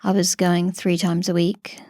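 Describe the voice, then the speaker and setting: Low, flat-voiced pregnant woman chatting. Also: unhurried, no echo, clean studio sound. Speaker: podcast host. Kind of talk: casual chat.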